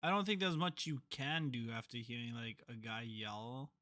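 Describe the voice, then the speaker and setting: Laid-back young man, bright voice. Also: medium pitch, animated, moderate pace. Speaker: podcast co-host. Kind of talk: casual chat.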